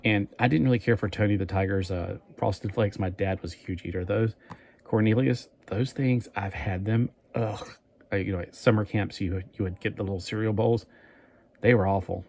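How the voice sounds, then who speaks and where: A man's voice: on the low side, fairly even intonation, normal speed, creaky, a little mellow. A man chatting casually in a toy review vlog, rambling and thinking aloud as he goes.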